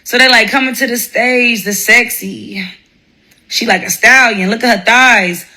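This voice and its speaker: A woman hosting a live stream, telling a profane story in a blunt, animated way and laughing often. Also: fairly high pitch, measured pace.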